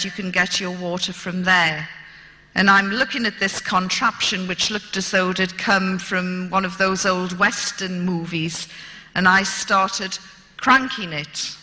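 A woman's voice: mid-range voice, bright, forceful tone. A woman telling a humorous personal story in a lecture, with dry, wry delivery. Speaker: speaker. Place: lecture hall. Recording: lecture hall reverb.

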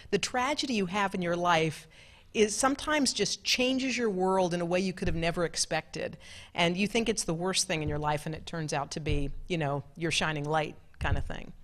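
A middle-aged woman, a television co-anchor, telling stories to an event audience in a lively, laughing, chatty way. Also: fairly low pitch. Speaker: television co-anchor giving a talk. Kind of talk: storytelling talk with audience Q&A. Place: large club event room.

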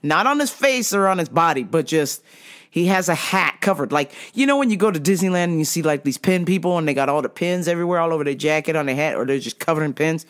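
A woman hosting a podcast, telling a story in an animated, profane, casual way. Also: sits low, fast. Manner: animated, profane, laughing between lines. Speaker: podcast host.

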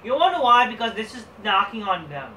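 A man's voice: high-pitched, very animated, fast talker, sharp tone, a little hiss or hum. A man giving a casual, profane, rambling recap of a wrestling show. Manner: crude, profane and rambling, with frequent restarts. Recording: roomy echo, distant from the mic.

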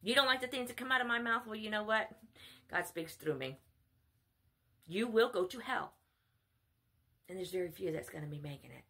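A woman's voice: mid-range voice, animated, normal speed, long pauses, sharp tone. A woman delivering a blunt, scolding sermon monologue. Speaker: self-styled spiritual mother preaching.

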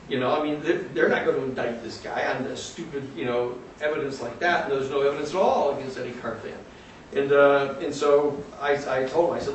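A man's voice: mid-range voice, brisk. A man lecturing to a class, telling a vivid story with many fillers and restarts. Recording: echoey room from far off, faint noise.

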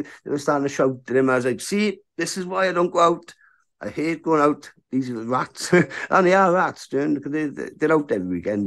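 Chatty fighter, frank and casual. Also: male voice, medium pitch. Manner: chatty, frank, keeps asking "do you know what I mean?". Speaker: bare-knuckle fighter, interview guest. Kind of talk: casual interview chat.

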